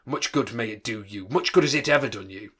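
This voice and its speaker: Scornful old miser, cross, indignant, snapping, read by a man, low. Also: fairly quick, fairly bright tone, lightly acted.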